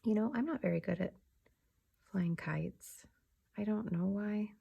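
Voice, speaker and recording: A young woman teaching a remote class for young children, slow, soft and patient, often dropping to a whisper. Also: mid-range voice, gravelly, slightly rough.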